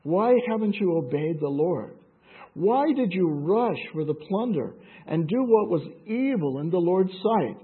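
A man reading the part of a stern old prophet who scolds a king, with a husky voice over a tinny line. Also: sits high, lively intonation, measured pace, heavily acted. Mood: rebuking. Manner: scolding, repeats commands. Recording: tinny phone-like sound.

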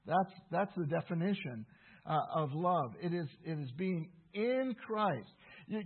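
High husky preacher man, tinny sound. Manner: earnest, emphatic, repeats key phrases. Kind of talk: sermon.

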